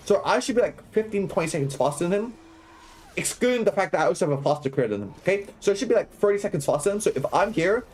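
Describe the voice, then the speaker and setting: A young man streams a video game and coaches as he plays, explaining every move in quick, live commentary. He keeps checking in with viewers ("right?", "okay?") and laughs and banters with chat. His voice is fairly high and a little mellow, with slight background noise.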